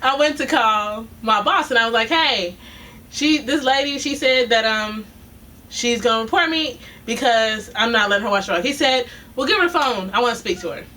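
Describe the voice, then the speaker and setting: A woman's voice: a little high, moderate pace, sharp tone. A woman telling a casual story, acting out both sides of an argument and laughing often. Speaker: vlogger telling a work story. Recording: distant mic with faint noise.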